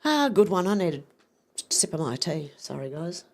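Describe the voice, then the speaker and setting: A woman's voice: fairly low pitch, very animated, moderate pace, darkish tone. A woman hosting a livestream, reading posts aloud and adding blunt, profane remarks. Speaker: livestream host. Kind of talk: casual livestream news commentary.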